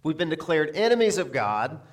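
A man preaching a sermon in a lively way, asking the crowd rhetorical questions and chuckling between points. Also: fairly high pitch, a little fast. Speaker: pastor.

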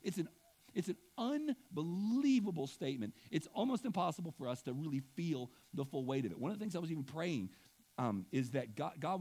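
A man preaching a sermon as pastor, impassioned and emotional, swinging between loud emphasis and hushed asides and often clearing his throat. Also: on the high side.

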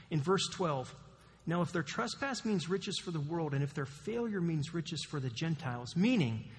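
A male pastor preaching a sermon, animated, with emphatic questions to the congregation. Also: a little high. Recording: long hall reverb.

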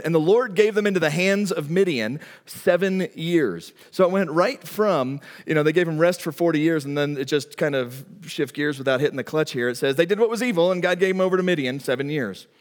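A middle-aged man preaching a sermon as pastor, telling stories in an animated, emphatic way. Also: a little high, big-room sound.

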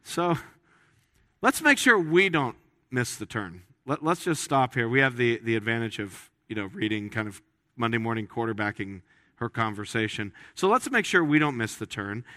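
A pastor with a mid-range, pushed and bright voice preaches a sermon in a church sanctuary. The recording is studio quality with no echo, and his delivery is conversational and joking, with frequent restarts of his phrases.

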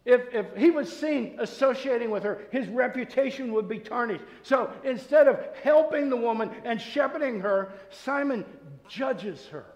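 A pastor with a high-pitched voice delivers an earnest sermon, pushing hard on key points and then dropping into quiet asides. He is recorded in a church, and his voice carries a long, echoey hall reverb. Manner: earnest preaching, swinging between loud emphasis and soft asides. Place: church sanctuary with masked congregation.

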